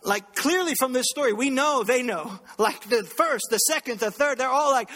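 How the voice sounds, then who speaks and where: A man preaching a sermon as pastor, impassioned, swinging between loud bursts and hushed lines. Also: extremely high pitch, lively intonation, moderate pace, few pauses. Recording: long reverb of a large hall.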